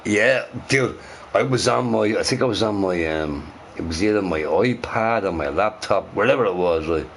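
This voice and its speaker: A man's voice: fairly low pitch, animated, normal speed, a bit bright, slight background noise. Rambling, swearing middle-aged man streaming. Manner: rambling and profane, repeating himself. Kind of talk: casual live-stream chat. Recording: faint music behind.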